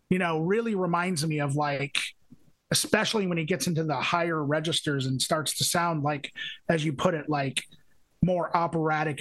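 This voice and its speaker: High-voiced rambling podcast guy. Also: a bit bright. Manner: rambling, filler-heavy, searching for words. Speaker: podcast co-host. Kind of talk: casual chat reviewing music.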